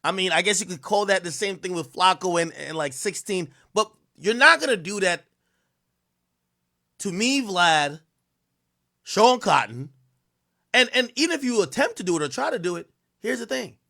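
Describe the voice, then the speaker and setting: Excitable high-voiced male streamer. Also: moderate pace, gravelly, long pauses. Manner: animated, excitable, slangy, repeats himself. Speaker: livestream host reacting to a clip. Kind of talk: casual livestream commentary.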